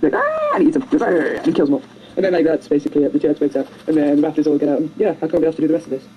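A speaker rambling through a comic retelling of a film over their own drawings, hurried and jokey, jumping into silly squeaky voices on a home computer mic. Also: animated, lo-fi sound, slight background noise. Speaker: amateur storyteller narrating drawings.

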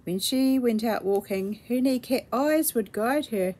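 A woman reading a children's storybook aloud in a gentle, measured way. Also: a little high.

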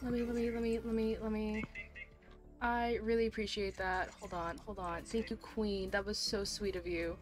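A young woman streaming live, chatting casually with her viewers in a gushing, excitable way and swearing freely. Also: medium pitch, moderate pace. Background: music playing.

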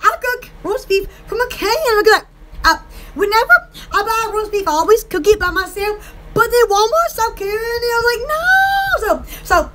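Giggly high-voiced Southern woman. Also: animated, normal speed, background noise. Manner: giggly, rambling, exclaims often. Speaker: small shop owner promoting products. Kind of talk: casual home shopping chat.

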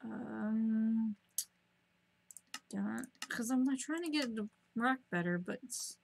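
A woman streaming a game at home, chatting to herself in a rambling, casual way and breaking into excited squeals at the animals. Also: slow, creaky, slight background noise. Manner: rambling, self-talking, bursts of high squeals at animals.

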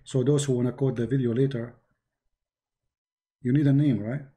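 Mocking Arabic-accented man, mellow voice. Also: mid-range voice, normal speed. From Middle East. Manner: mocking, animated storyteller. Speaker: host. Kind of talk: livestream commentary.

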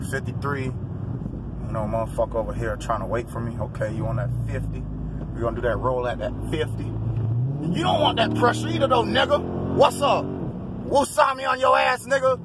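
A man vlogging from behind the wheel, loudly taunting other drivers in profane trash talk and often breaking into shouts. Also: mid-range voice. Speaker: driver filming himself. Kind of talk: casual in-car vlog commentary. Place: inside a car on city roads. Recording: noisy in-car recording with road noise.

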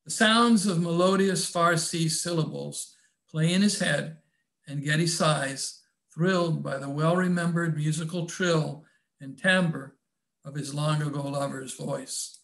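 An older man, an author, reading aloud from his own novel in a reflective, measured way and adding his own comments. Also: on the high side, creaky, a bit bright.

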